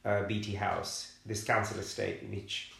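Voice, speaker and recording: A middle-aged man from London telling his life story in an interview, halting and repeating words as he searches for them. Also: on the low side, fairly even intonation, gravelly, a bit bright. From London, England. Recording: roomy echoey room.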